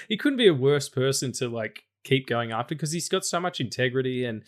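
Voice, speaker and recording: A man's voice: mid-range voice, lively intonation, normal speed. A man guesting on a podcast in casual chat, loose and sweary, often rambling.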